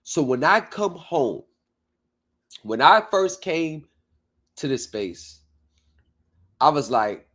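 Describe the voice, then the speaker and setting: A man hosting a casual livestream chat, telling stories with lively, animated reactions and frequent swearing, heard over a remote video call. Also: measured pace, long pauses. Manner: animated storyteller, acts out his reactions with big pitch jumps and swearing. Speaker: livestream host.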